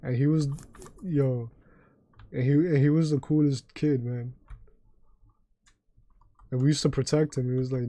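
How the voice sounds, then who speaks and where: A man's voice: medium pitch, fairly even intonation, measured pace, long pauses, warm tone. A man from New York City with a New York accent, chatting casually on a game livestream and telling rambling, profane stories full of restarts. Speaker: streamer.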